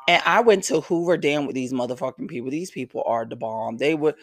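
Profane, excitable man hosting a podcast. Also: fairly high pitch, a little fast. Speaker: podcast host. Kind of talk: casual chat with friends. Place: vacation house.

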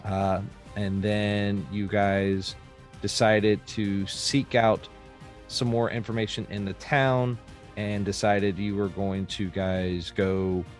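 A man narrating as game master in a loose, chatty way, often laughing and correcting himself. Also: fairly low pitch.

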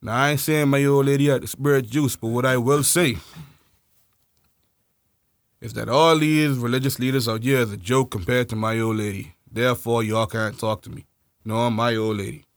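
A man co-hosting a casual podcast, telling a personal story and bantering, laughing loudly and slipping into playful voices. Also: medium pitch, fairly even intonation, normal speed, no echo, studio quality. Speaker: podcast co-host.

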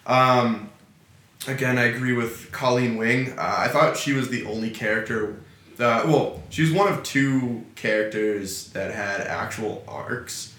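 Lively man chatting in an echoey room. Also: medium pitch, unhurried. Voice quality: laughs often, many fillers. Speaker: podcast co-host. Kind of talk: casual review chat.

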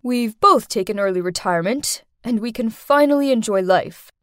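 A woman's voice: fairly high pitch, animated, normal speed, a bit bright, no room sound, studio quality. A woman voicing a grateful, well-off middle-aged mother speaking politely.

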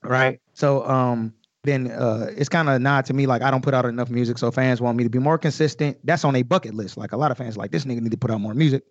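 A man's voice: mid-range voice, fairly even intonation, quick pace, no echo, muffled recording. A man, a guest rapper on a podcast, breaking down his lyrics in loose, slangy casual chat full of swearing.

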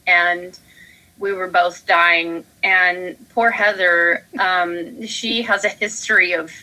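A woman's voice: on the low side, steady tone, slow pace, bright, forceful tone, poor audio. A young woman co-hosting a podcast, telling a story in casual chat and acting out her own panicked quotes. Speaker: podcast co-host.

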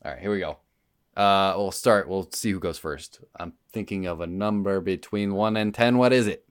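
A man's voice: deep voice, moderate pace, smooth. A man hosting a podcast in casual chat, running a quiz with playful banter.

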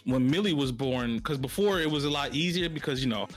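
A man's voice: medium pitch, fairly quick, soft background music. A man in a casual podcast conversation who speaks hesitantly and colloquially, often trailing off.

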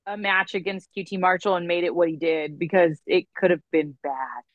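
A woman's voice: on the low side, fairly even intonation, normal speed, no echo, dull audio. A woman co-hosting a podcast in casual chat, chatty and giving emphatic opinions. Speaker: podcast co-host.

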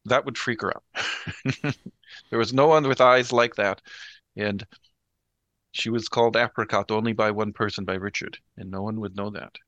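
A man's voice: on the low side, steady tone, normal speed, pauses often, fairly bright tone, dry recording, highs cut off. A man playing a tabletop horror game, hesitantly describing his character's actions with many fillers. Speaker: player.

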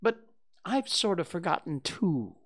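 A man playing a self-important male rabbit who hems and haws in a raised, fussy voice. The pitch jumps about busily, with a gravelly edge, as in a storybook reading. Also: big pitch swings, a little slow, exaggerated voice.

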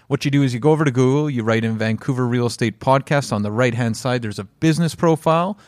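A man's voice: medium pitch, fast talker, dry recording, studio quality. A man co-hosting a podcast, chatting casually and upbeat while plugging the show. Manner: casual, upbeat, plugs the show's website. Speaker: podcast co-host. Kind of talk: casual chat.

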